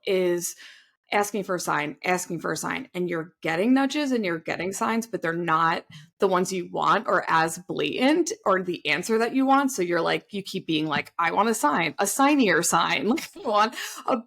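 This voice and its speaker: A woman in her thirties co-hosting a podcast, talking in a relaxed, reflective way with many fillers. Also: fairly low pitch, moderate pace, creaky. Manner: conversational, filler-heavy, reflective. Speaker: podcast co-host. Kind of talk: casual chat.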